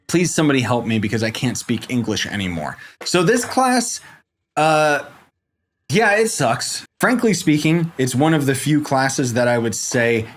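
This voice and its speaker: A man giving casual commentary for a game tutorial, rambling playfully with jokey asides and sudden jumps in pitch, into a desk microphone. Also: slight background noise. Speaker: game guide creator.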